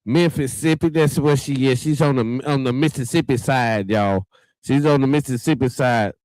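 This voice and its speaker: A man's voice: mid-range voice, moderate pace, darkish tone, dry recording. Male livestream host, folksy and chatty, talks straight to viewers, dry close sound. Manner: chatty, folksy, keeps addressing viewers as y'all. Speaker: talk show host. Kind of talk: casual livestream show hosting.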